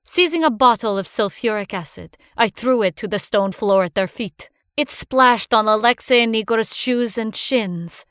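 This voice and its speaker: A woman reading a first-person horror story aloud in a measured, hushed manner. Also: a little high, lively intonation, clean tone, dry recording, studio quality. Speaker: narrator. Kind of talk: scripted horror narration.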